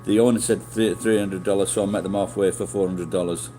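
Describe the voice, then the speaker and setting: A man's voice: deep voice, fairly even intonation, quick pace, warm tone, faint music behind. A middle-aged man telling rambling stories to his stream chat, swearing often and restarting his sentences. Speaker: livestreamer. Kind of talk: casual storytelling to chat.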